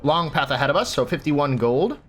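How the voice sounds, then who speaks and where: A man's voice: a little high, lively intonation, a little fast, fairly bright tone, a little hiss or hum. A young man hosting a role-play game playthrough, reading game text aloud and commenting with chatty enthusiasm. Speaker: gaming channel host.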